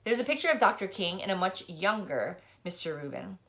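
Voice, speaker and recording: Give me a woman reading a novel aloud expressively, with a bright, forward voice. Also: on the low side, fairly quick. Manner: expressive first-person narration. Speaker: reader.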